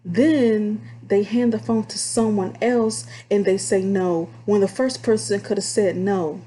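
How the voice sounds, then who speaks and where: A young woman from Texas with a Texan accent, candidly telling stories about her call center job in a casual, animated, drawling way. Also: mid-range voice, measured pace, a little hiss or hum. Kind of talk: casual storytime vlog.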